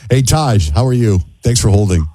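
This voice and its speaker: A male radio host who takes callers briskly and jokes with them. His voice sits low and has a husky grain to it. It sounds dry and close to the mic. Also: animated, dark tone, no room sound. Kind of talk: call-in radio hosting.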